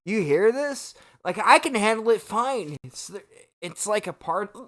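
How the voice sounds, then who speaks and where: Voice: mid-range voice, lively intonation, a little slow, fairly bright tone. Tipsy swearing streamer, hiccuping. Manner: swearing, exasperated ranting. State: hiccuping between words; tipsy from shots. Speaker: livestreamer. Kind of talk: drunken livestream rant.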